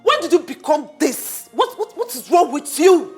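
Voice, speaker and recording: An actress playing an indignant friend who scolds and questions. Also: female voice, high voice, very animated, moderate pace, darkish tone, soft background music. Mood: scolding. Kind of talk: film drama acting.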